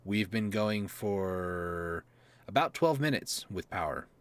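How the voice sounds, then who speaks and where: A man's voice: deep voice, expressive, slow pace. A man giving casual gameplay commentary, rambling and mocking himself, chuckling often. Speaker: gaming YouTuber.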